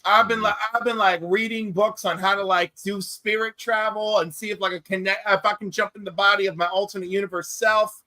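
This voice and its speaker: Man, bright clear voice, dry close sound, animated storyteller, casual chat. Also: high-pitched, brisk, few pauses, dry recording.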